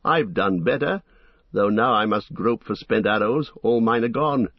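A man's voice: lowish voice, measured pace, husky, no room sound, muffled recording. A man voicing a proud, competitive male elf archer who speaks lightly and boastfully in a storybook reading.

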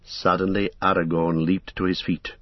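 Man reading an audiobook, low husky voice, dry dull lo-fi sound. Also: little pitch movement, moderate pace, dry recording. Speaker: narrator. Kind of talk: audiobook narration. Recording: dull lo-fi recording.

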